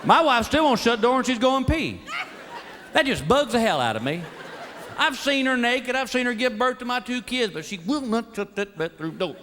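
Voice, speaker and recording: A man's voice: very high-pitched, big pitch swings, moderate pace, a little hiss or hum. A man performing a stand-up set on stage, telling exasperated, folksy stories and acting out his wife and himself. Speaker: stand-up comedian. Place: large theater with a laughing audience. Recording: live show with loud crowd laughter.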